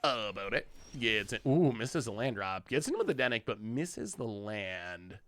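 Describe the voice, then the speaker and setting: A man's voice: lowish voice, big pitch swings, a little slow, a bit bright. A man streaming himself playing a card game, chatting casually, often laughing and talking to his opponent and chat. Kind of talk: casual gameplay commentary.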